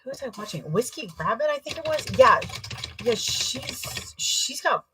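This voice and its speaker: A young adult woman chatting casually while sewing, telling rambling, self-deprecating stories with a husky voice. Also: high-pitched, very animated, normal speed, noisy background. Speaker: sewing vlogger.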